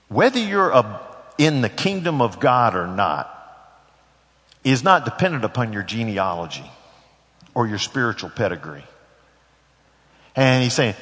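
A man's voice: mid-range voice, fairly bright tone. A middle-aged man preaching a sermon as pastor, folksy and conversational with joking asides. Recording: long hall reverb.

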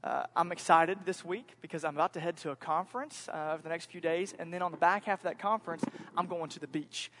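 A man's voice: on the high side, steady tone, fast talker, hardly any pauses, a bit bright, slight background noise. A man in his thirties from Central Florida preaching a sermon, earnest and reflective, repeating his key points. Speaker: pastor.

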